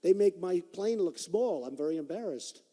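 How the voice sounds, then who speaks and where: A man in his sixties delivers a campaign rally speech, his fairly high voice swinging widely in pitch. He talks in a repetitive, boastful, conversational way, and his mellow tone rings out with long reverb in a big hall. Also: animated, moderate pace. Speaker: political candidate at a rally. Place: large performing arts hall.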